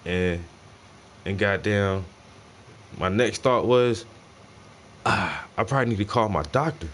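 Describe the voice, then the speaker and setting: A man telling a story in casual, profane slang while he paints, his delivery animated and loose. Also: on the low side, measured pace, slight background noise. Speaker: painting stream host.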